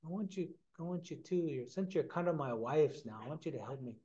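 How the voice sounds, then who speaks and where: A man voicing a grumpy, vengeful male skunk in a told story, with a gruff, grumbling way of talking, on a dull lo-fi recording. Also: fairly high pitch, animated, a little fast, warm tone. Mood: demanding.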